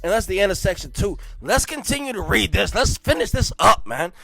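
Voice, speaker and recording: A young man reading a history book aloud, breaking in with loud, slangy asides and dropping to quiet mumbled reading. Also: high voice, fairly quick, creaky, no room sound, studio quality. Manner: animated slangy asides between read passages. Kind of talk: casual read-along with commentary.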